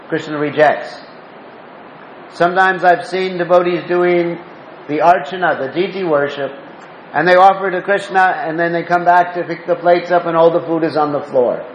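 A man's voice: a little high, slight background noise. A man giving a devotional talk, telling stories and asking listeners questions. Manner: asks the listeners questions, storytelling. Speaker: spiritual teacher. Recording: roomy dull lo-fi recording with faint ambience.

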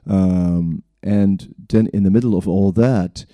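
His voice is low, mellow and steady, and he speaks slowly on a dry recording. The man, not an English speaker, rambles through life stories about his spiritual journey, adding frequent chuckles and "right?" tags.

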